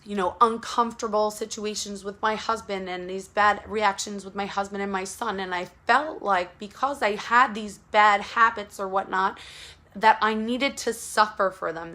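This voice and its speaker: Woman coach, earnest, direct address, mid-pitched, plain casual delivery. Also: a bit bright. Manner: earnest, repetitive, speaks straight to the listener. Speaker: postpartum support coach. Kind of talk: casual direct-to-camera advice talk.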